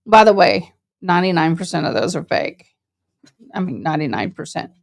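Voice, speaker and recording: A woman's voice: fairly low pitch, animated, a little fast, creaky. A woman telling a story casually and colloquially, a service dog handler who acts out other people's voices.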